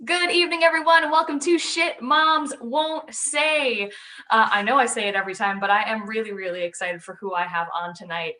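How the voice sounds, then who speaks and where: Woman host, bright and chatty, jokey and irreverent. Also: fairly high pitch, fairly quick. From Long Island, New York. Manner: chatty, joking, swears casually. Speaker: podcast host. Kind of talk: casual chat.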